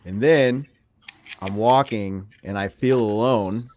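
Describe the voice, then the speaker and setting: A man's voice: fairly low pitch, slow, darkish tone, a little hiss or hum. Laid-back young man bantering on a podcast. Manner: laid-back, slangy banter with frequent "dude" and "bro". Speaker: podcast co-host. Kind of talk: casual chat.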